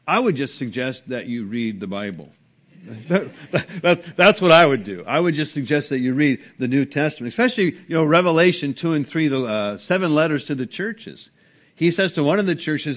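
A man preaching an earnest sermon as a pastor, with sudden rises and drops in pitch and loudness. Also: expressive, normal speed. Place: church sanctuary.

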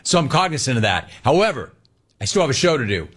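A man hosting a sports talk radio show, animated and playful, taking calls and riffing on them. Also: mid-range voice, fast talker, breathy edge. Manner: animated, playful, mocks callers' voices.

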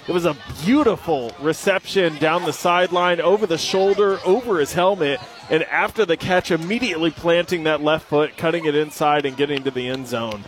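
A man calling a high school football game live, lively and joking, reading sponsor spots between plays. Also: fairly quick. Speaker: play-by-play announcer.

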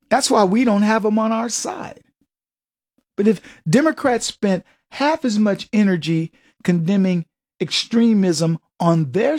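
Husky, high-voiced male commentator. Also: a little mellow. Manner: emphatic, sarcastic, chuckles at own jokes. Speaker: political commentator. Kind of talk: opinion monologue.

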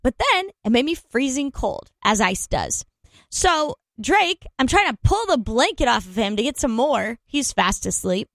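A woman in her thirties co-hosting a morning radio show, telling a story in a giggly, animated way. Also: on the high side, measured pace, no echo. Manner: animated, giggly, acts out quotes. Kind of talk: casual on-air chat, storytelling. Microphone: studio microphone.

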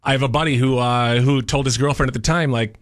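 A man's voice: mid-range voice, steady tone, fast. A man co-hosting a radio show, chatting easily, laughing and reading out listener texts. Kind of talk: casual radio chat.

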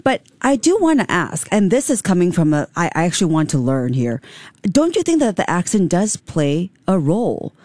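Female radio co-host, low mellow voice, chatty storyteller, dry studio. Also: very animated, normal speed, dry recording. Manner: conversational, tells anecdotes. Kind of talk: radio talk show chat. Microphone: studio microphone.

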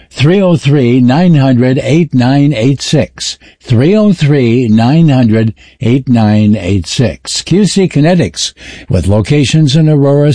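Dark-voiced male radio announcer. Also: medium pitch, no echo, studio quality. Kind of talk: radio ad read and station announcements.

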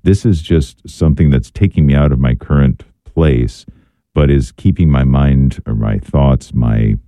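Very deep, dark-voiced male radio host. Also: no room sound. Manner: measured, wordy questions with fillers. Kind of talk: radio call-in talk. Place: radio studio.

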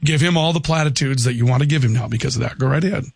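A man's voice: mid-range voice, racing, creaky, husky, no echo. A man hosting a radio show, teasing his co-host and reading listener texts aloud. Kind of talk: sports radio chat.

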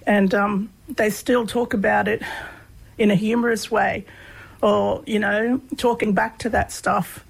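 Gravelly-voiced Australian woman telling stories. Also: mid-range voice, unhurried, rough recording. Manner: relaxed, many fillers, laughs while telling stories. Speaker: guest, humour researcher. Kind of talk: conversational storytelling.

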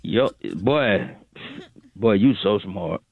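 A man's voice: lowish voice, expressive, extremely slow, creaky. A man calling into a radio show, rambling and repeating himself as he talks his way out of coming to work. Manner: rambling, repetitive, coaxing. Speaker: regular caller on a radio show. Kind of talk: comedic excuse phone call. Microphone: phone. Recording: tinny phone line.

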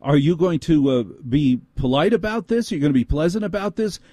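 Guy doing a fussy high-pitched store manager, snooty and preachy, dry mellow sound. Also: fairly quick, dry recording, lightly acted. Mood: condescending. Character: prissy condescending male store manager.

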